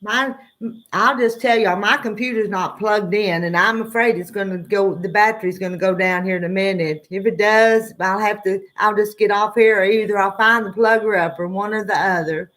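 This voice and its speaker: A woman with a Southern US accent hosts an early-morning livestream, rambling in a relaxed way and greeting viewers by name. Her mid-range voice is slightly bright, with a steady tone and moderate pace.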